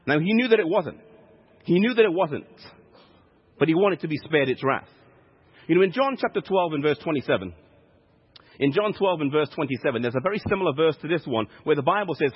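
A man's voice: on the high side, expressive, fast, breathy edge. A man preaching a sermon, teaching step by step, repeating key points with emphasis. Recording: echoey hall, dull lo-fi sound.

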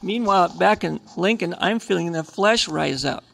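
A man telling a personal story in a sermon, animated and self-mocking. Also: high-pitched, normal speed, creaky, background noise. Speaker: preacher sharing a story.

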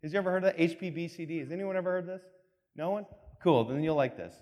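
A man's voice: a little high, quick pace, a little mellow. A man giving a motivational talk with slides, telling a story animatedly and acting out voices. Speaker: speaker. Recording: long reverb in a hall.

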